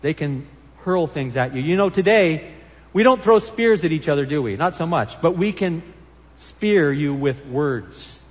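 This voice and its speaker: A man's voice: on the high side, expressive, measured pace, dull audio. A man preaching a sermon as pastor, earnest and emphatic as he reads and explains scripture. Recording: long hall reverb.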